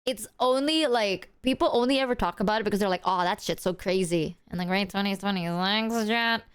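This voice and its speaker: A young woman streaming casually, rambling and excitable, swearing freely as she chats. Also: medium pitch, fairly quick, clear, resonant tone. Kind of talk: casual livestream chat.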